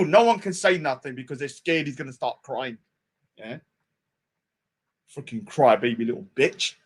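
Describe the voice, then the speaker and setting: This street preacher and debater, a man, aims a taunting, insulting rant at a rival while standing outdoors at a public speaking spot. His high, husky voice swings very lively in pitch. Mockery runs throughout, including a whiny imitation of the man he's targeting.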